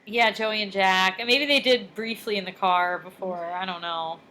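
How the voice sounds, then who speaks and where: A woman's voice: medium pitch, normal speed, bright, forceful tone. A young woman co-hosting a podcast, chatting casually and laughing as she recaps a TV show. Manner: chatty and laughing, with frequent ums and likes. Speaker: podcast co-host.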